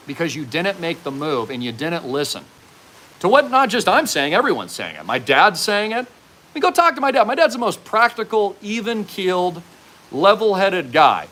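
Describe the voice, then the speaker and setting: A man's voice: fairly high pitch, bright, forceful tone. A man hosting a commentary monologue, speaking in a fervent, preachy, raised voice. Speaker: host.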